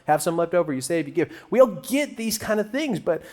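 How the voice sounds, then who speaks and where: Joking, animated man preaching a sermon. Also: high-pitched, brisk. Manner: joking, animated, talks to the crowd. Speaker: guest preacher. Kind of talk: conversational sermon. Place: church auditorium.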